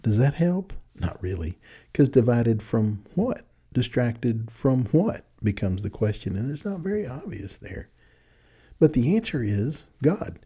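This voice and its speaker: A Texan podcast host talks folksily at a desk microphone, wearing headphones, chuckling at his own points as he casually reflects. His medium-pitched voice is husky and dark, sing-song and a little slow.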